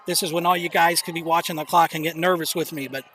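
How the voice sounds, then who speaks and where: A young man calling a live high school football game as play-by-play commentator, excitable, openly nervous and rooting for his team. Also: quick pace. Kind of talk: live local sports commentary. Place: outdoor stadium bleachers. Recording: noisy outdoor stadium stream.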